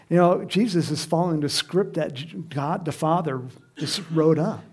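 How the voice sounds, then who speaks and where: Gravelly man preaching a lively sermon. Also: on the high side, normal speed. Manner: animated, acts out crowd shouts. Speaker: pastor.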